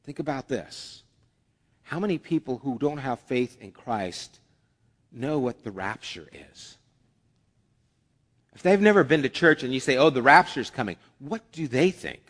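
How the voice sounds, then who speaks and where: A man's voice: medium pitch, very animated, a little slow, pauses often. A man preaching a conversational sermon as a pastor, with acted asides. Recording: long hall reverb.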